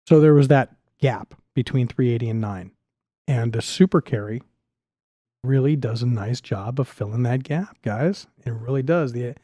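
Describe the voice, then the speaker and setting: Podcast guest, middle-aged man: eager and quick, mellow tone, dry sound. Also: medium pitch, dry recording. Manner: enthusiastic, talks fast with restarts. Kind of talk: casual podcast chat.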